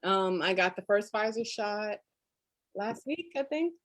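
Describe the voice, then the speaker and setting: A woman's voice: mid-range voice, animated, unhurried, dry recording. A woman guest chatting casually in an interview, telling stories and laughing often. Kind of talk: casual chat. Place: lives in Florida.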